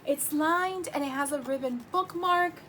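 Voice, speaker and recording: A woman's voice: high-pitched, measured pace, slight background noise. A woman teacher in her thirties gushing as she opens gifts in a casual vlog, gasping often. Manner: gushing, excitable, gasps often. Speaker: teacher and YouTuber.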